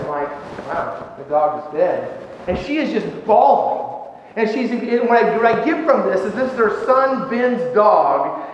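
A male pastor telling a story in a sermon, conversational and animated, with many fillers and restarts. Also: sits high. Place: church sanctuary. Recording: echoey church hall, dull sound, faint noise.

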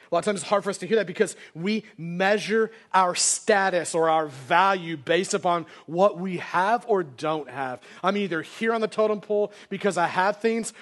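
A man's voice: sits high, a bit bright. A male pastor preaching a sermon to his congregation in a casual, conversational way, acting out quotes as he goes. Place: church sanctuary, live congregation.

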